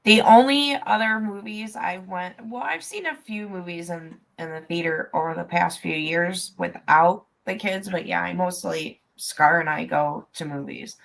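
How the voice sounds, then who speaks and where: A woman's voice: lowish voice, moderate pace, creaky, hardly any pauses. A woman in a casual group chat who talks hesitantly and trails off mid-thought.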